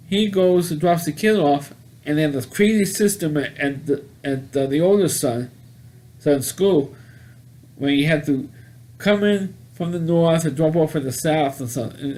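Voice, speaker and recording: A man casually recapping a movie plot, rambling and halting with many restarts and repeated words. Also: a little high, darkish tone. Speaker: movie reviewer.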